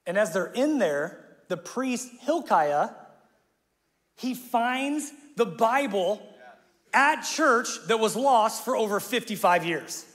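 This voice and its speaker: A man's voice: high-pitched, expressive, takes it slowly, a bit bright. A male pastor preaching a sermon in a casual, slangy way, acting out the people in his story and laughing often. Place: church auditorium. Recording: live hall with long reverb.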